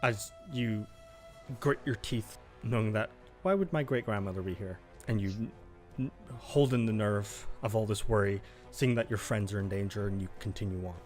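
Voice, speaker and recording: A man narrating as game master of a tabletop game, describing the action in a calm, descriptive way. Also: fairly low pitch, moderate pace, soft background music.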